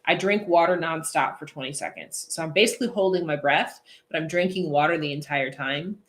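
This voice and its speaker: A woman's voice: low voice, brisk. Goofy, chatty woman streaming live. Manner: chatty, goofy, laughs often, reads viewer comments aloud. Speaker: posing coach hosting a live feed. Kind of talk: casual live-stream chat.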